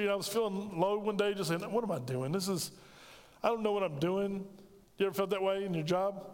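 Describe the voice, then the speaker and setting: High-voiced storytelling preacher, echoing hall. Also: male voice. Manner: storytelling, acts out dialogue. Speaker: pastor. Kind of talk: sermon.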